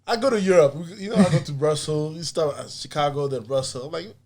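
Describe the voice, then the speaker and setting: A man's voice: on the high side, fast talker, a little mellow. A man guest on a podcast, telling a story casually and animatedly, acting out other people's lines with frequent laughter. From United States. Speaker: podcast guest, artist and comedian.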